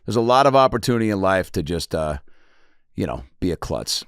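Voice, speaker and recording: Animated, rambling comedian in his forties. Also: low voice, fairly quick, smooth, no room sound, studio quality. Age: 40s. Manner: rambling, profane, jumps into acted-out voices. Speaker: comedian podcast host. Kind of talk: solo comedic storytelling.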